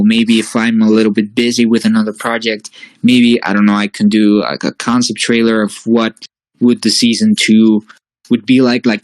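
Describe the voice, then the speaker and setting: A man's voice: mid-range voice, no echo, poor audio. A man talking as a guest in a casual interview, hesitant and full of fillers and restarts. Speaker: guest, fan-series creator.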